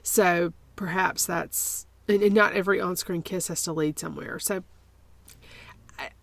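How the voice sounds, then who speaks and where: Hesitant woman with a gravelly voice. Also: on the low side, fairly even intonation, unhurried, no echo. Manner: hesitant, many restarts and repeated words. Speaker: podcast co-host. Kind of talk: casual chat.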